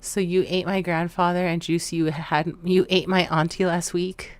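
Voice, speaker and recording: Chatty woman streamer, lowish voice. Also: level tone, normal speed, no echo. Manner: chatty, joking with chat, rambling. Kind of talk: casual live-stream chat.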